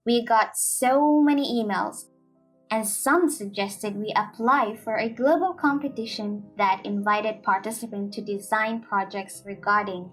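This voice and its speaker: A young woman narrates a scripted first-person story, taking her time over each phrase. Her delivery is earnest and measured, with faint music playing behind her. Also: mid-range voice. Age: young adult. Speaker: story reader.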